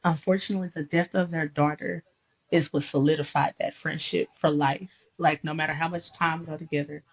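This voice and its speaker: In a podcast conversation, a woman with a deep, husky, breathy voice briskly tells a faith story, animatedly acting out the dialogue she recounts. The audio sounds dull and lo-fi.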